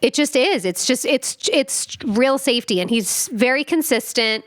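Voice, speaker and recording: A woman's voice: a little high, expressive, normal speed, dry recording, studio quality. A woman in her forties speaking earnestly and reflectively as a podcast guest, often restarting her phrases. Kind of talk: casual chat.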